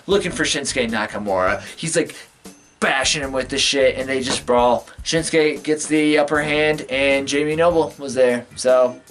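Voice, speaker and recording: A man hosting a casual recap vlog, slangy and excitable, whose voice jumps up in pitch for emphasis. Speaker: video host.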